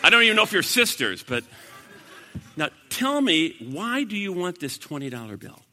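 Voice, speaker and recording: A man preaching an evangelistic sermon to a live audience, swinging from loud bursts to hushed, earnest talk. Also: high voice, very animated, normal speed. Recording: long reverb of a large hall.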